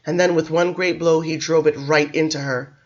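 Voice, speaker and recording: A man's voice: on the high side, fairly even intonation, moderate pace, muffled recording, natural voice. A man voicing a distraught, drunk Englishman who pleads and talks emphatically, in a storybook reading. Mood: desperate. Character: distraught Englishman, middle-aged, drunk and desperate.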